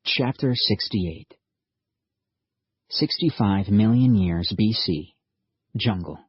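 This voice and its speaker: A man narrating an audiobook in a steady, measured storytelling manner. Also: on the low side, breathy edge, no echo, muffled recording. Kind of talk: scripted narration.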